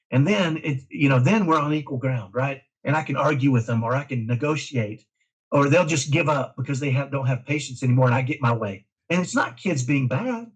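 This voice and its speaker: A middle-aged man from Dallas, a parent guest talking in an emphatic, energetic way in a casual interview. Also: on the high side, breathy edge, poor audio. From Dallas, Texas. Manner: energetic, emphatic, self-described type A.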